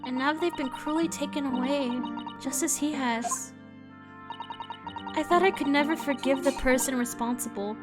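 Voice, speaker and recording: A woman voicing a grieving young female assistant, reading game dialogue aloud in a soft, subdued, mournful way. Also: sits high, normal speed, natural voice. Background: game music.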